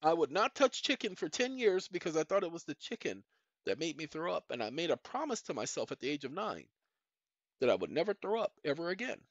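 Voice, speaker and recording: A middle-aged man hosts his own channel, rambling through a personal monologue and addressing his viewers directly, repeatedly saying "ladies and gentlemen." His voice sits on the high side, sing-song and fairly quick. The recording is dry, muffled, and lo-fi.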